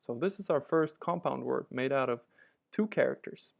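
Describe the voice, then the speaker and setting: A man's voice: medium pitch, moderate pace, creaky. A man teaching a language lesson, patiently walking through each example and repeating it. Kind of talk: instructional walkthrough.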